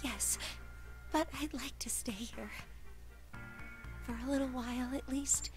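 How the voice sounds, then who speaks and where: Brief: shrill falsetto panicked girl, done by a man, slow, game music under it. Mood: soft, tearful. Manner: screaming pleas, later whispery sobs. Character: panicked young woman, hysterical then tearful. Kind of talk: reading a visual novel aloud.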